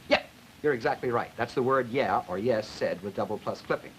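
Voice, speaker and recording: A man's voice: medium pitch, lively intonation, fairly quick, poor audio. A man lecturing on linguistics and demonstrating vocal sounds as he explains them. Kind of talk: classroom lecture with spoken demonstrations. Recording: old film soundtrack with faint hiss.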